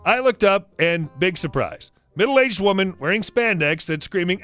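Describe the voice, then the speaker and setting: A man narrates online stories with a bright, high voice that swoops up and down. His reading is lively and dry, close to the mic. Soft music plays beneath him. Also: normal speed, hardly any pauses, no echo. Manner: lively storytelling with acted quotes. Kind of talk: reading reddit stories aloud.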